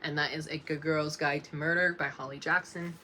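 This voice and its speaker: A young woman reading off a list of books in a casual vlog, slow and unhurried, often apologizing with a soft laugh. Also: low voice, steady tone, slight background noise. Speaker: book vlogger.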